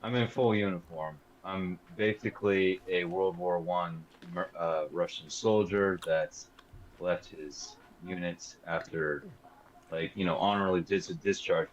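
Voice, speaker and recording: Deep-voiced man on a muffled voice call. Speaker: player. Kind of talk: casual tabletop chat over voice call. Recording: muffled voice-call audio with faint hiss.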